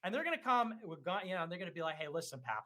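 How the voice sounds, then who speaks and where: A man's voice: high-pitched, big pitch swings, rapid-fire, pushed and bright. A man arguing on a livestream, taunting and mocking his opponent with plenty of swearing. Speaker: livestream debater. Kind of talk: heated livestream argument.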